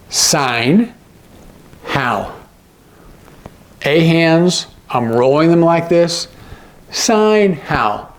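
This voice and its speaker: A man teaching sign language phrases, patiently repeating each phrase and often checking in with the viewer. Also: fairly high pitch. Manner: repeats phrases slowly, gloss by gloss. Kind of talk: instructional explanation.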